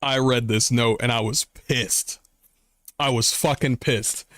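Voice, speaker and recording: A man streaming from his room, giving excitable, profane reaction commentary and mocking people with voices. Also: mid-range voice, takes it slowly, dry recording. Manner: excitable, swears often, mocks with voices.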